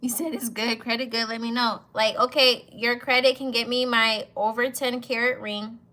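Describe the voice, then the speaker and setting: Bright-voiced playful young woman vlogger. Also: on the high side, steady tone, normal speed. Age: 20s. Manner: playful, laughs often, slangy. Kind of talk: casual chat reacting to comments.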